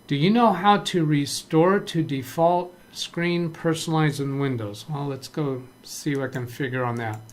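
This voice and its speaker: A man with a fairly high voice runs a casual computer tutorial on a live stream from a home office full of monitors. Talking at normal speed with hardly any pauses, he thinks aloud as he works, reads chat messages, and keeps restarting his sentences.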